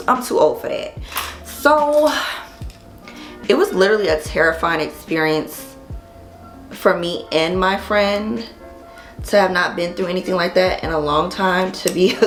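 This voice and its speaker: Chatty woman vlogging in an echoey room. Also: fairly low pitch. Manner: animated, chatty, swears casually. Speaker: hair vlogger. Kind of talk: casual storytelling while installing a wig.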